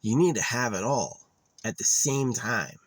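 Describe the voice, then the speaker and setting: A man's voice: medium pitch, lively intonation, measured pace, no echo. A young man vlogging in a rambling, digressive monologue that drifts into rants, full of fillers.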